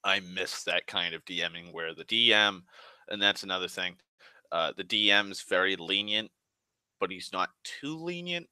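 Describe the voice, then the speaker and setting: Young male host, deep but crisp-edged voice, rambling profane monologue. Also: animated, normal speed, pushed and bright, no echo. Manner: rambling, full of "like", restarts and swearing. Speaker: online show host.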